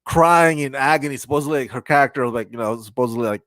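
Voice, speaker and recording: A man's voice: medium pitch, fast, dry recording. A man hosting his own channel, reviewing a TV episode in a casual, rambling way, full of restarts. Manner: rambling and animated, with many restarts and bursts of laughter.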